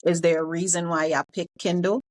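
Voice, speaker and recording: A woman's voice: on the low side, flat delivery, a little fast, a little mellow, no echo. Woman asking questions, dry close sound. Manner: curious, asks follow-up questions. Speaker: podcast co-host. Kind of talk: casual conversation.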